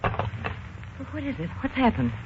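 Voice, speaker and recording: An anxious friend, high lively voice, pleading, muffled old radio sound. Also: female voice, brisk, noisy background. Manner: excitable, pleading. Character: young woman, loyal and anxious dancer friend. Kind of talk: 1940s radio acting.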